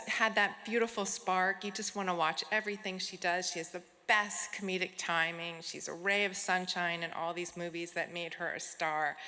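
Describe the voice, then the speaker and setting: A middle-aged woman presenting an award on stage, speaking heartfelt and unhurried, with soft fillers, into a podium microphone. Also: lowish voice. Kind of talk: tribute speech at an awards gala. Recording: long hall reverb, audience.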